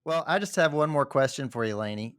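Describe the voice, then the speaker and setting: A man hosting an interview podcast, asking questions in a calm, measured way. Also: a little high, smooth, dry recording, clean studio sound. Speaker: podcast host.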